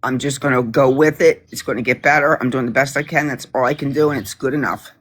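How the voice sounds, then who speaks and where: A woman's voice: very deep voice, fast talker. A woman joining a livestream remotely, talking in a soothing, reassuring way to comfort a friend. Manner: soothing, reassuring, steady talker. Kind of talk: casual supportive chat. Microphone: joined remotely on the stream.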